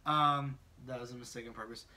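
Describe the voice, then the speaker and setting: A man's voice: mid-range voice, fairly quick, distant mic, a little hiss or hum. A man from the Midwest near the Kentucky border with a faint Southern Kentucky accent, chatting casually on a podcast and mimicking voices as he tells stories. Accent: slight Southern Kentucky. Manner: animated storyteller, mimics voices, swears casually. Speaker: podcast host. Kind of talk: casual chat.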